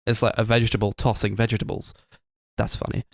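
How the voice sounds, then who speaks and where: A man's voice: lowish voice, level tone, quick pace, creaky. A man co-hosting a casual film review podcast, rambling with lots of fillers and giggling as he retells scenes. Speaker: podcast co-host.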